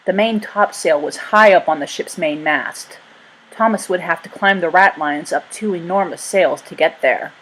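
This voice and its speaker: A woman narrating a chapter book aloud in a steady, expressive reading voice. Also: lowish voice, poor audio. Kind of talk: storybook read-aloud.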